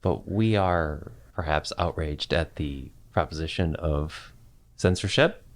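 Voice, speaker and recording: A man's voice: extremely low pitch, slow. A man hosting a casual library podcast, playful with theatrical asides. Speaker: podcast host.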